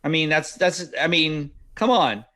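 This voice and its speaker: A man's voice: a little high, a little slow, pushed and bright. A middle-aged man hosting a podcast, telling a family story in casual chat and acting out the dialogue. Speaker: podcast host.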